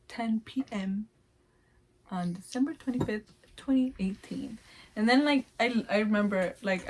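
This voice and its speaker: A woman's voice: medium pitch, darkish tone, slight background noise. Rambling young mother telling a story. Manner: rambling, full of "like" fillers, acts out her own sounds. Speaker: new mother telling her birth story. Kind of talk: casual storytelling to camera.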